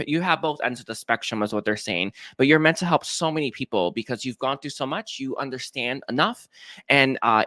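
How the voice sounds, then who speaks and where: A man's voice: mid-range voice, fairly bright tone, dry recording, studio quality. A man giving a live-streamed psychic reading, talking with many fillers and restarts. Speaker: psychic reader.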